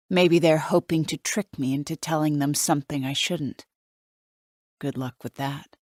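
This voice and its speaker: Audiobook narrator: woman, low voice, wry and measured first-person read, dry close sound. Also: dry recording.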